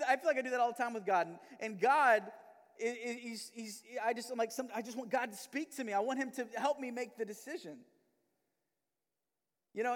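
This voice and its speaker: A man's voice: very high-pitched, in a large hall. A man giving a sermon as pastor in a church, talking conversationally and acting out quoted prayers and voices. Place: church sanctuary.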